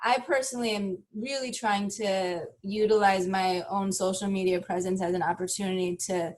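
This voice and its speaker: Animated reflective woman therapist. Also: mid-range voice, normal speed. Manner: reflective, animated, laughs often. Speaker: therapist and author guest. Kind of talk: podcast interview.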